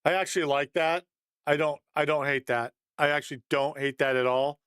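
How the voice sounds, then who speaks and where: A man's voice: on the high side, steady tone, a little fast, a bit bright, clear, resonant tone, no echo. A man giving a casual, conversational breakdown of football game film, thinking aloud and chuckling at mistakes.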